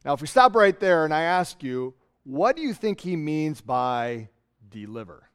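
A man preaching a sermon, telling a story in an animated way and acting out the voices. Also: fairly high pitch, unhurried, clear, resonant tone. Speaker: pastor.

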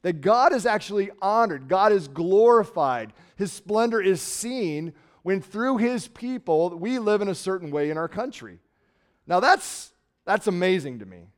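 A middle-aged man from Nebraska preaching a sermon in a conversational way, swinging from loud emphasis to quiet trailing words. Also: high-pitched, sing-song, a little slow. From Nebraska, USA. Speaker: pastor.

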